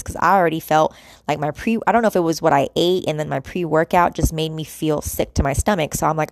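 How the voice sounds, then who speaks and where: A woman with a lowish, gravelly voice talks casually to camera, rambling through restarts and fillers. She speaks straight to her viewers as y'all. The sound is dry and close, with no room sound. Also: steady tone, moderate pace, dry recording. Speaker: vlogger. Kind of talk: casual confessional chat to camera.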